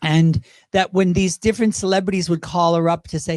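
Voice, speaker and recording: British drag performer guest, high voice, dry close sound, animated storyteller. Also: male voice, no room sound. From Great Britain. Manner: animated, quick impressions, laughs while talking. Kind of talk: casual interview storytelling.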